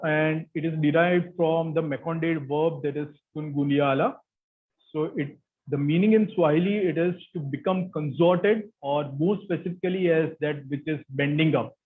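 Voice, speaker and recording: A man with an Indian English accent giving an academic lecture as guest speaker, explaining steadily with frequent fillers. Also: on the high side. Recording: tinny phone-like line.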